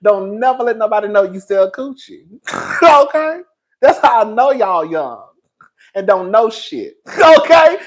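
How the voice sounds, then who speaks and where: A man's voice: high-pitched, very animated, poor audio. Giggly gossiping male livestream host. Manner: laughs often, drawn-out, gossipy. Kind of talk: gossip commentary.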